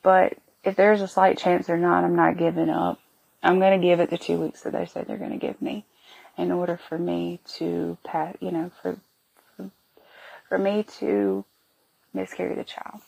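A woman in her thirties telling a personal story on her podcast in an emotional, halting way, feeling sick and worn. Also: lowish voice, flat delivery, vocal fry, darkish tone, husky. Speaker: podcast host.

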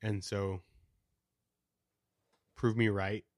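A man's voice: fairly low pitch, little pitch movement, extremely slow, darkish tone, no room sound, clean studio sound. A young man co-hosting a music podcast, chatting casually, swearing freely and laughing often. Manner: laid-back, swears a lot, laughs often. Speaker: podcast co-host. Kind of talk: casual chat.

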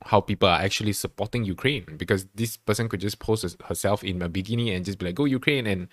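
Low-voiced man on a dry podcast mic. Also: steady tone, quick pace, dry recording. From Singapore. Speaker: podcast co-host. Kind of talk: casual chat.

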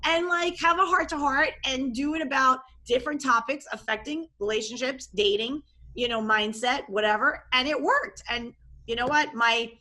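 A woman life coach talking casually in an interview, animated and expressive, often acting out what she and others said. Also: high voice, normal speed. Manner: animated and expressive, acts out quoted voices.

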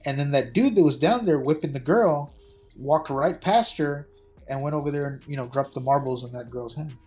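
A man in a casual podcast chat about a movie, relaxed and slangy, asking questions about the plot. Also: fairly high pitch, moderate pace. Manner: laid-back, uses slang like dude. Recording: dull lo-fi audio with faint music.

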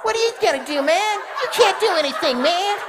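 A man's voice: extremely high pitch, expressive, fairly quick, noisy background, voice pushed up. A man voicing a short, cocky male street tough who mocks and taunts with swaggering slang. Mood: taunting.

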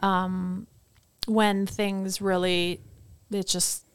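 A middle-aged woman chats as a podcast guest, her voice smooth and resonant. She tells her stories in an animated, talkative way, and the studio sound is close and dry with no room echo. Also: mid-range voice, drawn-out words. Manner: chatty, animated storyteller. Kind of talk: casual interview chat.

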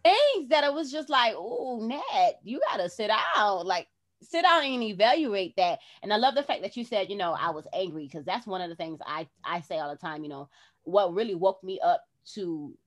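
Woman, podcast host, casual heart-to-heart chat, expressive, acts out quotes, middle pitch. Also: moderate pace. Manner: expressive, acts out her own past words.

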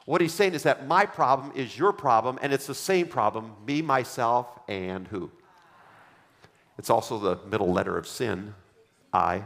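A male pastor preaches with an emphatic, repetitive cadence, calling his congregation to read along. His voice sits at an ordinary middle pitch, and it carries a long reverb from a church hall. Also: vocal fry, a bit bright. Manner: emphatic preaching with repeated refrains; leads the congregation in reading aloud. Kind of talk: sermon.

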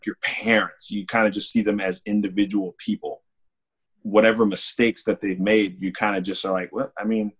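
A man's voice: on the low side, slightly rough. Candid young man telling his story. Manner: candid, halting, with small laughs and restarts; slows and softens on heartfelt lines. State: emotional, holding back tears. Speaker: testimony speaker. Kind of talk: personal testimony, casual storytelling.

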